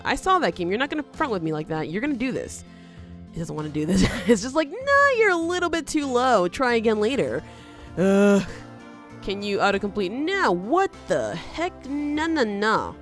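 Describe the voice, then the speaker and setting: A woman talks through her gameplay in a chatty, animated way, her pitch bouncing up and down. She argues with the game as if it could hear her and laughs easily. Soft music plays faintly underneath. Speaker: let's play host. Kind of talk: gameplay commentary.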